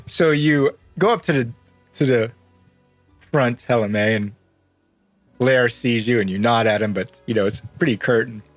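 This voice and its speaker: A man's voice: medium pitch, moderate pace, long pauses, dry recording, soft background music. A man narrating as game master in a tabletop game, loose and rambling and often laughing.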